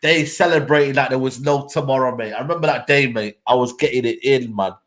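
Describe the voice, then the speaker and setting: A man co-hosting a casual football chat on a live stream, excitable and peppering his talk with "man" and "mate". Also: mid-range voice, fairly quick. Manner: excitable, fills lines with "man", "mate" and "bro". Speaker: co-host, football fan.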